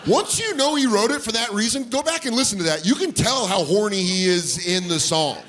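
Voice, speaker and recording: A middle-aged man doing a stand-up comedy routine, loud and animated, breaking into shouted put-on voices. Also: sits high, a little fast, faint music behind. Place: comedy club stage before a laughing audience. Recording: live club recording with crowd noise.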